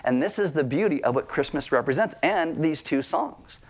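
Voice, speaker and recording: Preaching before his congregation, a married adult pastor keeps the tone relaxed, quizzing the crowd and joking lightly. His fairly high voice has lively intonation and a moderate pace.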